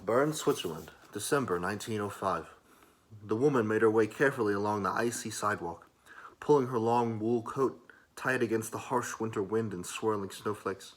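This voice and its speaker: A man in a calm, soft-spoken ASMR reading of a story. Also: fairly low pitch, moderate pace. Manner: calm, soft and even narration.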